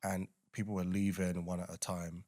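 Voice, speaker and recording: A man's voice: deep voice, little pitch movement, normal speed, dark tone. A man, a singer guest on a podcast, talking in a laid-back, dry, matter-of-fact way. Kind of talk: casual chat.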